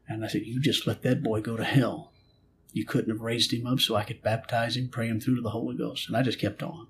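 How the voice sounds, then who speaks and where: A man's voice: fairly low pitch, level tone, brisk, fairly bright tone, a little hiss or hum. A middle-aged man, a pastor, telling a personal story in an earnest preaching manner and acting out his prayers and God's replies. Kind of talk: storytelling in a spiritual conversation.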